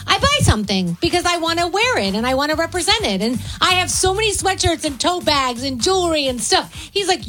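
A female radio co-host with a high, very lively voice, talking with bubbly enthusiasm. Faint music sits behind her. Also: a little fast, few pauses. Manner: enthusiastic, chatty. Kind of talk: morning radio banter.

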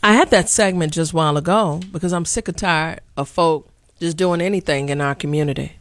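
Lady on talk radio, preachy, climbs into loud outbursts, dry close mic. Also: deep voice, fairly quick, no echo. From Chicago. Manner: preachy, rising to sharp outbursts, repeats words. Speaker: radio talk show host. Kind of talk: impassioned talk radio commentary.

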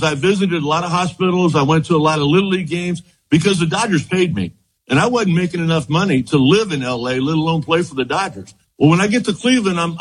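An older man with a husky, slightly breathy voice that sits a little high for a man. He tells his stories with lots of energy, laughs often and keeps saying "as you know" to his host. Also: poor audio. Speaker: former baseball pitcher, guest. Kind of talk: reminiscing storytelling.

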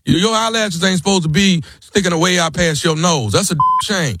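A man calling a salon and complaining loudly and repetitively. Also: high-pitched, brisk, husky, dry recording, studio quality. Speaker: caller.

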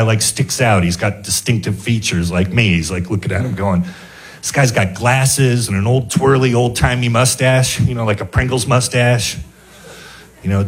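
A male stand-up comedian telling a rambling anecdote and chuckling at his own jokes. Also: on the low side. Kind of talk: stand-up storytelling.

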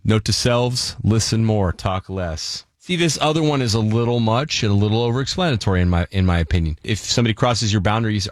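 A man hosting a podcast in casual chat, joking, animated and laughing often. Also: fairly low pitch, a little fast, few pauses, no room sound, clean studio sound. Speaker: podcast host.

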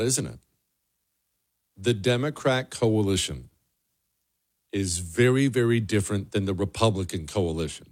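Guy doing blunt sarcastic political commentary, voice swings up and down a lot, mid pitch. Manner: blunt, sarcastic, emphatic repetition. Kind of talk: opinionated solo commentary.

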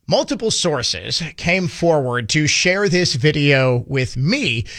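A man's voice: on the high side, sing-song, takes it slowly, fairly bright tone, no echo, clean studio sound. Sardonic male commentary host. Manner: sardonic, indignant, mocking asides. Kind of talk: political commentary.

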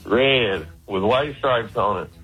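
A man's voice: on the low side, slow, a bit bright, husky, soft background music, low-quality recording. A man with an Arkansas accent calling a radio show, talking in an earnest, rambling way. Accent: Arkansas Southern. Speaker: caller. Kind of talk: phone call to radio show.

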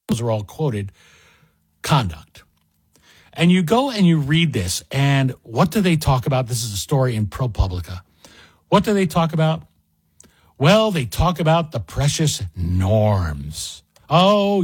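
A man's voice: on the high side, slightly rough, no room sound. A man guest hosting a talk radio show, chatting to listeners in a folksy, direct monologue.

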